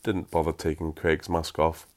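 A very deep-voiced man reads a story aloud. He drops into dry, self-mocking asides between passages. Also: level tone, moderate pace.

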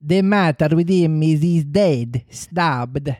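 Mężczyzna udający przerażonego włoskiego pirata. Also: male voice, a little high, slow pace, a little mellow, no echo, studio quality. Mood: frightened. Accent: put-on Italian. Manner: hollow, almost gibbering. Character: frightened male Italian pirate, haggard.

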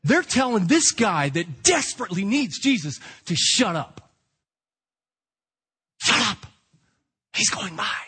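A man preaching an animated sermon, acting out the shouting beggar and the crowd. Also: high voice, slow pace, pauses often, husky. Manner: dramatic, acts out the shouting beggar.

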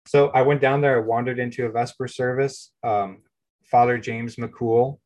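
A man's voice: medium pitch, fairly even intonation, normal speed, darkish tone. An American man in his thirties, co-hosting a podcast and telling his own story in a candid, self-deprecating, plain-spoken way. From United States. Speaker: podcast co-host. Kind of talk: casual personal storytelling.

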